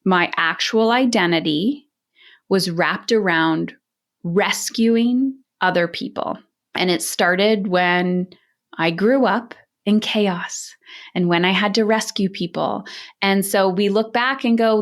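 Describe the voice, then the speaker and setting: A woman's voice: medium pitch, measured pace. A woman parenting coach in a podcast interview, talking in a direct, emphatic coaching manner.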